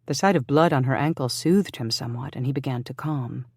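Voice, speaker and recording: An audiobook narrator reading a historical romance in an even, measured way. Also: medium pitch, slightly rough, dry recording, clean studio sound.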